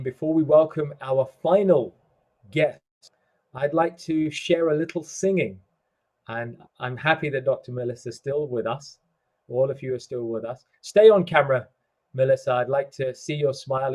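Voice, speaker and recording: A man hosting an online spiritual summit over a video call, speaking slowly and deliberately and reciting scripture. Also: mid-range voice, a little mellow, poor audio. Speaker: summit host. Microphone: video call microphone.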